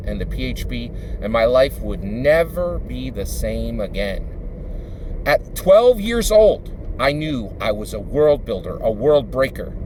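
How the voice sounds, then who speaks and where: In a mid-range voice with slight background noise, a man from Philadelphia who is a YouTuber and dungeon master delivers a rambling, casual monologue. Fillers abound, and he keeps tacking on "right?".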